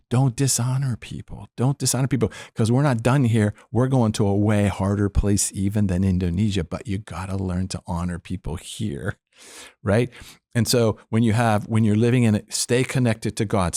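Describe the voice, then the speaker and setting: A man's voice: fairly low pitch, dark tone, no echo, clean studio sound. An older man speaking as a podcast guest, teaching about faith in an earnest, emphatic way, repeating phrases and laughing between points.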